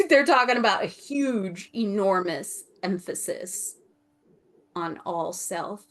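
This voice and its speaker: A woman's voice: medium pitch, lively intonation, slow pace. A woman channeling on a video call, searching for words and laughing often, with phrases that repeat and trail off to a whisper. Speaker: Akashic Records channeler. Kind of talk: channeling in a group video meeting.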